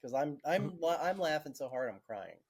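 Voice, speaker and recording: A man's voice: a little high, sing-song, normal speed, a little mellow. A man, a podcast co-host telling stories casually, laughing through them and swearing freely. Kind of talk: casual storytelling.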